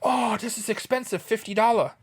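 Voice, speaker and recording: A man's voice: sits high, lively intonation, fast, pitched above the performer's own voice. A man voicing a haggling male customer with a put-on accent, whiny and complaining.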